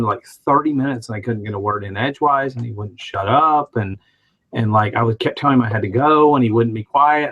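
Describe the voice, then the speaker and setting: A man's voice: medium pitch, fairly bright tone, low-quality recording. A middle-aged man from Alabama, chatting on a podcast panel and telling rambling, self-mocking stories. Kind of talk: casual podcast chat.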